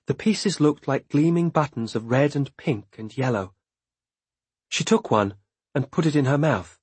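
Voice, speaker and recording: A man narrating a story in a measured, expressive reading voice. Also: medium pitch, husky, no room sound. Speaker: audiobook narrator. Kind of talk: scripted narration.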